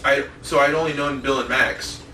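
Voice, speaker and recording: Heard from afar in a reverberant room with slight noise, the young co-host keeps up his casual, rambling stories full of curses and laughs. His mid-range voice is bright and forceful, fairly even in intonation, at a moderate pace.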